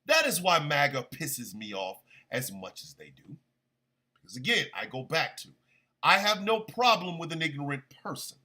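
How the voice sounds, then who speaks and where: A man's voice: on the high side, sing-song, moderate pace, bright, forceful tone. A man hosting a stream radio show, delivering a heated, profane and sarcastic political rant.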